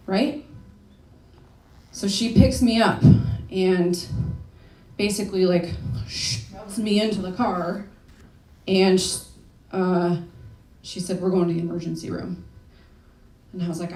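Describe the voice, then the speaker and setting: Young woman speaker, candid and emotional, low-ish voice, roomy echo. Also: fairly even intonation, measured pace, darkish tone. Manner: candid, emotional storytelling with casual swearing. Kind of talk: personal story talk. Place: event hall. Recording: echoey room from far off.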